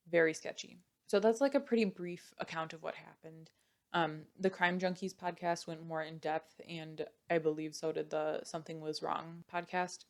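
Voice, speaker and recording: A woman's voice: deep voice, vocal fry. A young woman casually retelling a true crime story, chatty and full of "like" and "you know".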